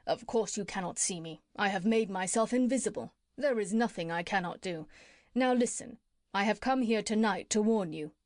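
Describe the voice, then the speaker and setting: A clever, bossy parrot who talks briskly and sure of herself, put on by a woman reading a storybook. The voice sits in a middle range and sounds close and dry. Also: medium pitch, darkish tone, dry recording, lightly acted. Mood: commanding. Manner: brisk and self-assured.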